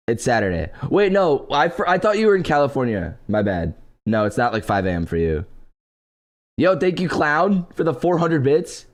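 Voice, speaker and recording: A young man streaming live, chatting casually with his viewers and thanking donors, his voice stuffy and congested from just waking up. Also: mid-range voice. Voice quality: congested morning voice. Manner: laid-back, answers chat and thanks donors.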